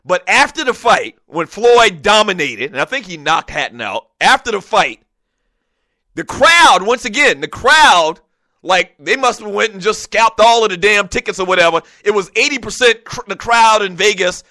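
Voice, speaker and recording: A man hosting a casual sports talk show, spinning long, animated stories with plenty of asides. His voice is high for a man and forward. The sound is dry and close. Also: normal speed, dry recording. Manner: rambling, animated storytelling.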